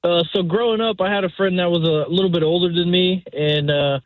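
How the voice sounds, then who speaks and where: A man's voice: sits high, brisk, no room sound. Male caller telling a story by phone. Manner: relaxed storytelling. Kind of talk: casual phone call. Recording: dry tinny phone line.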